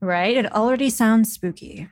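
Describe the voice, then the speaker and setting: A woman's voice: fairly high pitch, normal speed, a little mellow. Chatty laughing young woman podcast host. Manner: laughs often, chatty and playful. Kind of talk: casual chat and storytelling.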